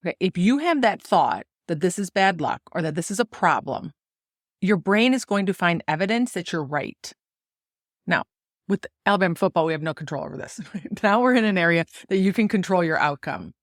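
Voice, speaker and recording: Middle-aged american woman podcasting solo, bit low voice, dry close mic, chatty and laughy. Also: fairly quick, no room sound. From United States. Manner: animated storytelling, laughs often. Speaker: podcast host and golf coach.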